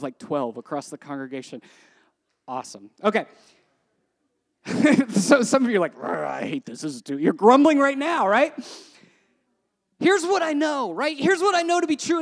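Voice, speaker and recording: A woman pastor giving a sermon in a conversational, joking way, full of rhetorical questions and dropping to a hush on scripture. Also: sits high, no room sound, studio quality.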